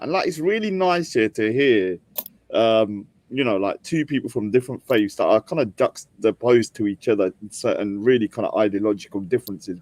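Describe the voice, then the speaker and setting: A man talks casually in a group chat, rambling through his thoughts with plenty of fillers. His pitch sits in the middle range. The sound is dry and close, with little room in it. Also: a little mellow, no echo. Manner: chatty, heavy use of fillers like "you know" and "like". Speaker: podcast guest.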